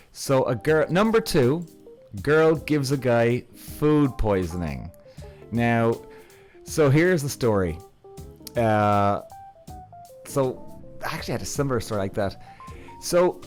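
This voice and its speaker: A man hosting a podcast, telling stories in a casual, frank way, chuckling often and swearing freely. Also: medium pitch. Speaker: podcast host. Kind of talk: casual storytelling.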